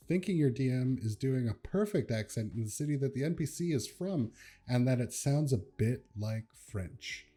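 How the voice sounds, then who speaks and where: A young man chatting casually while reacting to memes at his computer, laid-back and quick to laugh. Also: medium pitch, dark tone.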